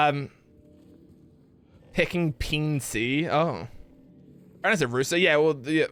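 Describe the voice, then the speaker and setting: A man's voice: fairly high pitch, slow pace, a bit bright, soft background music. A man chatting casually on a live game stream, rambling, laughing and swearing freely. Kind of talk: casual live-stream chat while gaming.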